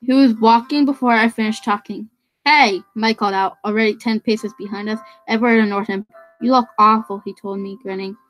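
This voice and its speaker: Woman, fairly high voice, reading a novel aloud, stumbles and restarts, faint music behind. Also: steady tone, normal speed, fairly bright tone, rough recording. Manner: stumbling over words, restarting phrases. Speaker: reader.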